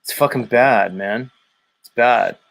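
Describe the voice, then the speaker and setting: A man's voice: medium pitch, slow pace, gravelly, a bit bright. A man hosting a show, ranting casually with mocking, profane remarks. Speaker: show host.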